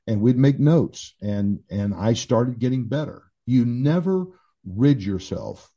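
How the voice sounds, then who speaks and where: A man's voice: medium pitch, animated, takes it slowly, mellow. A man in his sixties, a pastor and author, telling his own story candidly in a casual conversation, with many restarts and fillers. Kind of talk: conversational testimony. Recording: dull lo-fi sound.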